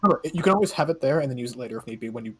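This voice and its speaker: A man running a tabletop game as game master, briskly reading out rules, his voice starting to give out. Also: mid-range voice, animated, a bit bright. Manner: brisk, reads rules aloud. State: voice giving out.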